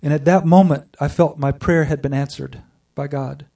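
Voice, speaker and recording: Man, earnest testimony speaker, mellow tone, distant mic. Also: on the high side, steady tone, creaky. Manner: earnest storytelling with pauses and restarts. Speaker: speaker sharing a personal spiritual story. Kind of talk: personal testimony to a group.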